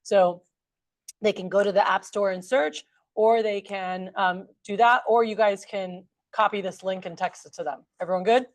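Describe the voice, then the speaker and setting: A woman's voice: medium pitch, fairly even intonation, moderate pace, no room sound. Chatty woman training a sales group. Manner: chatty, upbeat, addresses the group as "you guys". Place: meeting room with a large group.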